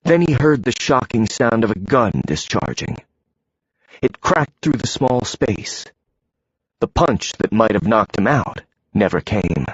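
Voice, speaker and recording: A man narrating an audiobook in a measured, deliberate way. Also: lowish voice, sing-song, breathy edge, no echo. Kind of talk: scripted narration. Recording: dull, dry, lo-fi audio.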